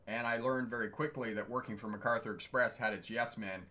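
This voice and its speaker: A middle-aged man with a bright, clear-toned voice telling stories on a casual livestream. He talks in a chatty, digressive way and chuckles often between stories. He stops now and then to answer viewers' comments. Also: fairly low pitch, fairly even intonation, quick pace, few pauses. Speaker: truck driving instructor and channel host. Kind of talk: casual livestream storytelling, reading chat comments.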